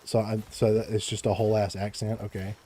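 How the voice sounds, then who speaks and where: Casual streamer, young man, low voice, mellow tone, stumbles over words, laughs a lot. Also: flat delivery, a little fast, breathy edge. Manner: stammers and repeats words, laughs often. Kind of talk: casual live-stream chat while gaming. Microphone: close desk microphone.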